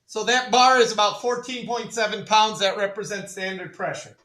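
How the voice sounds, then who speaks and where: A male chemistry teacher running a classroom demonstration, joking with students, repeating "all right" and calling the class ladies and gentlemen. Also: high voice, fairly even intonation, moderate pace. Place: school classroom. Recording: echoey classroom from far off.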